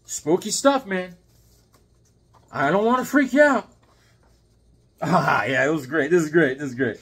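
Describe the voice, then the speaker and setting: Husky, lively man in his fifties. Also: fairly high pitch, a little slow. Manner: animated and jokey, with sudden loud outbursts. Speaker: comic book collector. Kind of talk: casual chat showing comics.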